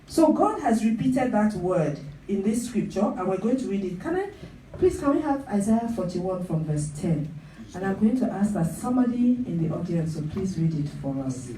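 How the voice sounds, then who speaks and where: A woman's voice: medium pitch, sing-song, normal speed, mellow, a little hiss or hum. A woman pastor preaching a sermon, stressing her points by repeating them. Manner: emphatic, repeats phrases for emphasis. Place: church hall. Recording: echoey hall, picked up from a distance.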